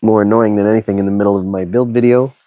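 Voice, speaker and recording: A man's voice: lowish voice, steady tone, quick pace, mellow, no echo, muffled recording. A man narrating a hobby kit build in a casual, chatty way, thinking aloud with many fillers and sounding tired and yawny. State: yawning, tired. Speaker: hobby video host.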